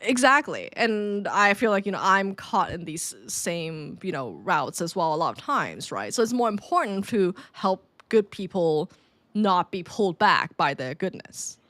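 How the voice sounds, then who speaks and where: Lively woman chatting casually. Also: medium pitch, measured pace, no echo. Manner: animated, laughs often, many fillers. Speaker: podcast co-host. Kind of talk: casual chat.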